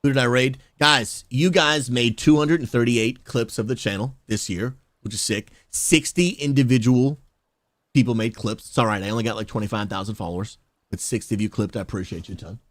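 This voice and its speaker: A man talking casually to his live stream chat as a game streamer, animated and chummy. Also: medium pitch, brisk, no room sound, studio quality. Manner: animated, talks straight to chat, says "dude" and "bro".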